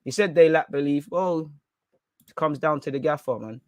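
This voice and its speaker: A young man hosting a live football reaction stream, ranting loudly and mockingly in street slang. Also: fairly high pitch, normal speed, dry recording, studio quality. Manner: loud, mocking, slangy, reads quotes aloud sarcastically. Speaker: football fan channel host.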